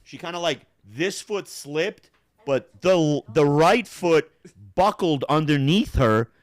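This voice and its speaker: A man's voice: a little high, slow, no room sound. A man hosting a casual podcast chat, telling a story with lots of swearing and laughter. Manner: animated, profane, laughing storyteller. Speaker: podcast host.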